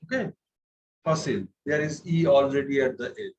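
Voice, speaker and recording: A man's voice: medium pitch, animated, normal speed, darkish tone, slight background noise, rough recording. A man teaching a French class, patient, repeating words and checking that students follow. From India. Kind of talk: classroom lesson.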